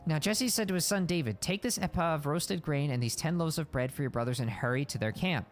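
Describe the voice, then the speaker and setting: Man, Bible reading with casual commentary, brisk pace, soft music behind. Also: a little high. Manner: reads aloud then explains casually.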